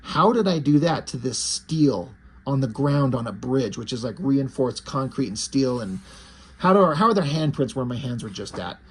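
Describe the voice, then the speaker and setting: A man's voice: medium pitch, lively intonation, moderate pace, a little hiss or hum, close to an everyday voice. A man reading a proud, stubborn young artist. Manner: stubborn, emphatic.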